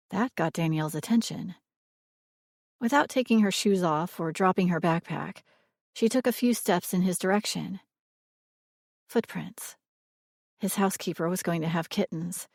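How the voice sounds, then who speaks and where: A woman reading a romance audiobook in a measured, expressive way. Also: on the low side, creaky, dry recording, clean studio sound. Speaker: audiobook narrator. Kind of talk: scripted romance narration.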